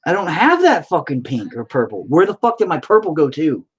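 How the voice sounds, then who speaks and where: Painting on camera, this host talks with a rural Southern US twang in a slightly high, sing-song, husky voice at a brisk clip. His chatter is loose and wandering, full of profanity and jokes at his own expense.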